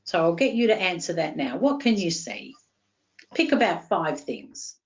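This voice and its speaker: A woman with an Australian accent, a counselling psychologist calmly explaining and guiding step by step. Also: lowish voice, normal speed, highs cut off. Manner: steady, reassuring, guiding step by step. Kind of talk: calm explanatory interview talk.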